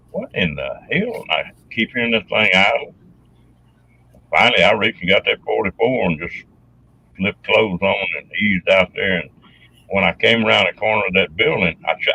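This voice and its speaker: A man with a deep, gravelly, husky voice tells a tale in casual chat. His tone is sharp and forward. The recording sounds dull and lo-fi. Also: moderate pace, dry recording. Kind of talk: casual storytelling.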